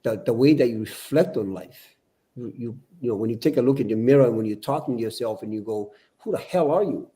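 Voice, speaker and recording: A man's voice: mid-range voice, fast talker, mellow. Older man preaching earnestly on a podcast. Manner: earnest, preachy, repeats words. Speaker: podcast guest. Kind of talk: casual podcast discussion.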